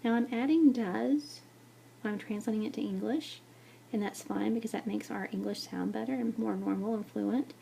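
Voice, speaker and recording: A woman's voice: mid-range voice, fairly even intonation, normal speed, creaky, mellow, a little hiss or hum. A woman teaching a Spanish lesson to students at a board, patient and repetitive, checking in with frequent "okay"s. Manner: patient, repeats "okay" and examples, many fillers.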